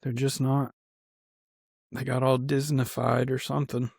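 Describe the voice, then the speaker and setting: A man's voice: mid-range voice, little pitch movement, a little slow, gravelly, a little mellow, slightly rough, no room sound, studio quality. A man co-hosting a podcast in casual chat, laid-back and enthusiastic. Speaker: podcast co-host.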